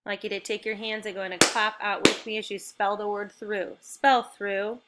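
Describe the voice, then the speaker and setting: A woman teaching a recorded phonics and spelling lesson to young children, speaking slowly and clearly with encouragement. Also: mid-range voice, level tone, very noisy.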